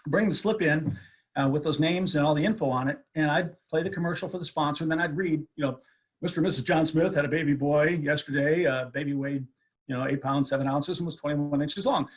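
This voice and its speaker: A man in his sixties, a radio host, telling lively stories from his career in an interview. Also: a little high, a little fast, slightly rough. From USA. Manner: animated anecdote teller. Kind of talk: storytelling interview.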